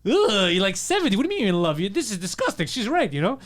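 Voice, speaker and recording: An exasperated older bystander who grows disgusted with the scene and sides against it, as a man puts him on in a story. The voice is quick and a little raised, with a disapproving edge. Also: sits high, huge pitch swings, pitched above the performer's own voice.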